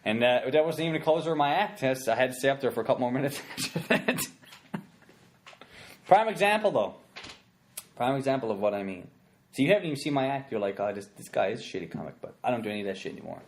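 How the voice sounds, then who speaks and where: A man's voice: mid-range voice, lively intonation, fast talker, slight background noise. A young man hosting a podcast, rambling and self-mocking as he retells his stand-up bits. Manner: rambling, self-mocking, sings ringtone sounds and does bits. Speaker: podcast host and comedian. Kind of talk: casual chat.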